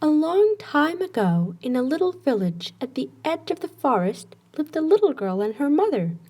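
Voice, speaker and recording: A woman narrating a children's bedtime story with slow, expressive storytelling. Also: high voice.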